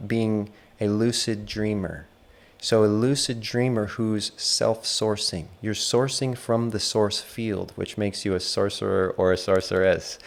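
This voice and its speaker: A man teaching the internal arts in a casual spoken lecture, relaxed and rambling, with many fillers as he tells a story. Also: on the low side.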